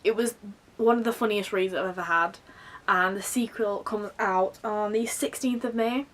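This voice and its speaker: A young woman chatting to camera about books she is excited for, in a gushing, excitable way full of fillers. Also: medium pitch, normal speed, far from the mic. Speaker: book vlogger. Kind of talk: casual chat to camera.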